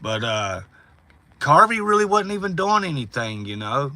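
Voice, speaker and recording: A man's voice: fairly high pitch, very animated, normal speed, bright, forceful tone, dry recording. A man on a livestream, telling rambling stories in a profane, drawling way. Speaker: livestream host. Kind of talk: casual storytelling on a livestream.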